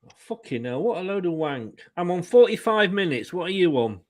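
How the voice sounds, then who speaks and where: A man's voice: sits high, sing-song, brisk. A man who is a guest on a football watchalong, grumbling and swearing freely in casual chat. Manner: exasperated, swears a lot, grumbles.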